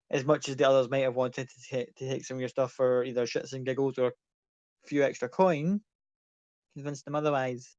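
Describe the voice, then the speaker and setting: A man's voice: mid-range voice, darkish tone, dry recording, dull audio. Casual man running a tabletop game. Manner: casual, rambling narration. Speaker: game master.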